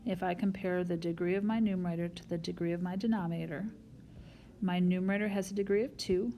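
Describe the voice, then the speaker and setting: A woman's voice: lowish voice, fairly even intonation, fast, warm tone, slight background noise. A woman math teacher recording a whiteboard lesson, explaining each step patiently and talking straight to her students.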